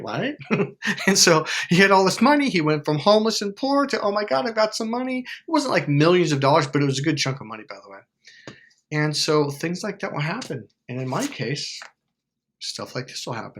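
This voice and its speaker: A man of middle pitch talking straight to camera, loose and rambling, full of fillers and restarts. He acts out quotes with sudden leaps up and drops down in his voice. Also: a bit bright. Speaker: self-help YouTuber. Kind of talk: casual advice to camera.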